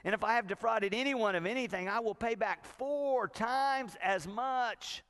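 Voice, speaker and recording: A repentant tax collector pledging with eager earnestness, as a man acts him out in a sermon. The pitch sits a little higher than the speaker's usual voice. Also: measured pace, fairly bright tone, clear, resonant tone, in a large hall. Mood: earnest.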